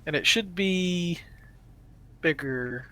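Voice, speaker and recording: Slightly high-voiced man playing a tabletop game. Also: slow, bright, forceful tone. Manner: thinks aloud, counting out spell ranges. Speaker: player. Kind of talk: casual tabletop play.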